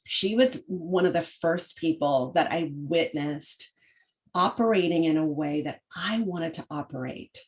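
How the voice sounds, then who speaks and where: A woman's voice: sits low, measured pace. Chatty mother, faith talk. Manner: chatty, with frequent fillers and restarts. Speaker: podcast host. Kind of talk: casual faith-based parenting talk.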